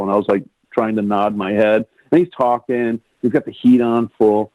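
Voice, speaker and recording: A man's voice: on the low side, moderate pace, few pauses, no room sound. Man telling a story, tinny line. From Rockford, Illinois, US. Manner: animated storyteller, acts out quoted lines in a raised voice. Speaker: guest, music producer. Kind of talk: telling a personal story in a podcast interview. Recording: tinny phone-like line, dry.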